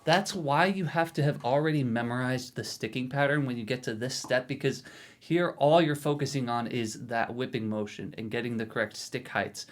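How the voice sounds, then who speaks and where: A man's voice: mid-range voice, moderate pace, soft background music. Casual male drum teacher explaining technique. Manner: casual, encouraging, repeats "okay?" to check in. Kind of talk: instructional video lesson.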